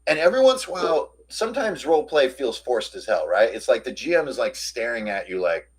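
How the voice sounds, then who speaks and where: A man hosting a casual recap of a tabletop game session, telling it in an animated, slangy way. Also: medium pitch, brisk, hardly any pauses, slightly rough. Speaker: host.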